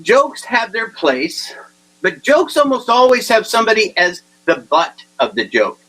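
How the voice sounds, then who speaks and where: A man's high, sing-song voice moves at a measured pace and sounds a bit bright, though the audio is poor. As a motivational speaker giving a humorous talk, he tells stories, acts out the people in them with quoted lines, repeats punchlines, and restarts often with a stammer.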